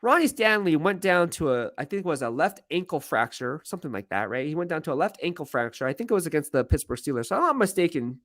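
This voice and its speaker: A man's voice: on the high side, sing-song, fast talker, hardly any pauses, a bit bright, no echo. A man, a sports team reporter, hosting a casual live-stream Q&A from a media workroom and rambling in a self-deprecating way.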